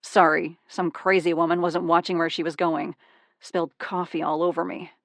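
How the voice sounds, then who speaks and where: A woman reading the part of an irritated male stranger in an audiobook, speaking loudly and snappishly. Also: on the low side, flat delivery, moderate pace, dry recording, lightly acted. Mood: annoyed. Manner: snappish, loud. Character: irritated man stranger, coffee spilled.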